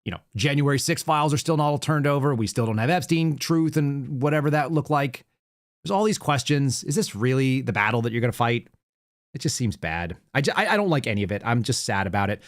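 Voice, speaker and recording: A man in his thirties hosting a political commentary show, sarcastic and animated as he tells stories and reacts to news clips. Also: medium pitch, fairly quick. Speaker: podcast host.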